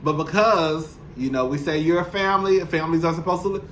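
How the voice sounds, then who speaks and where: A young man delivers a casual recap straight to camera, sassy, blunt and freely profane. His voice sits a little high and sounds bright and forceful, with a faint hiss of room noise underneath. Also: expressive, fast talker, few pauses, low-quality recording. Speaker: show recap commentator. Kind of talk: casual reality-TV recap monologue. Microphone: camera mic, speaking to camera.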